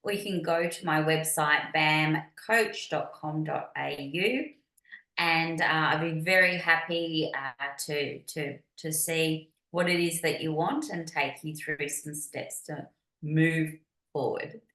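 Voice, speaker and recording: Aussie lady coach, bright upbeat voice, a bit echoey on the call. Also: deep voice, steady tone, takes it slowly. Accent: Australian. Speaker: business coach guest. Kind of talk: casual interview chat.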